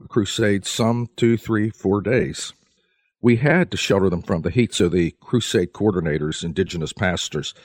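A male evangelist telling a humorous, animated story in a sermon, with sudden jumps in pitch. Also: no echo, clean studio sound. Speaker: evangelist preacher.

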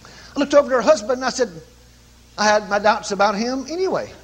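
A man preaching, telling a story with animated, commanding calls. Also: very high-pitched, a little fast, a little hiss or hum. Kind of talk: sermon storytelling.

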